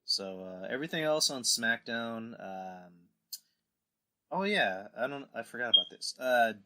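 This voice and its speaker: A man's voice: mid-range voice, expressive, a little slow, pushed and bright. A man hosting a casual podcast, rambling through recaps and acting out quotes in put-on voices. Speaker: podcast host. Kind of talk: casual wrestling podcast chat.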